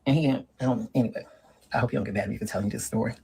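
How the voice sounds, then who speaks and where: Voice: medium pitch, rapid-fire, creaky, background noise, close to an everyday voice. A performer playing a sassy middle-aged woman who lectures on dating in a comedic monologue and keeps calling the listener girl and honey. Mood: sassy lecturing. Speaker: relationship advice monologue.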